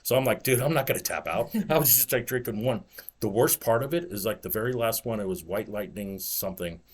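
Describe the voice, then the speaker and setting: A man's voice: on the low side, a little fast, a little mellow, breathy edge. A man hosting a podcast in casual chat, rambling through stories with lots of "it's like" and laughing asides. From United States. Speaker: podcast host.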